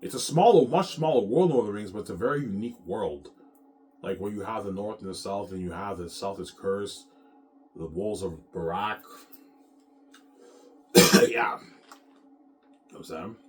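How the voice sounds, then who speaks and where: A man's voice: fairly low pitch, normal speed, pauses often, a little hiss or hum. A man casually rambling about his own novel, stumbling over repeated restarts and swearing freely as he boasts about it.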